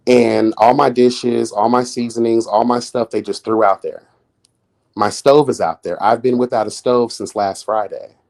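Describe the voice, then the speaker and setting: Man, live streamer, sassy, flamboyant, foul-mouthed, swoops up into high exclaims, mid-pitched voice. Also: darkish tone. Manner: sassy, flamboyant, swears often; chats with viewers in chat. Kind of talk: casual live-stream commentary.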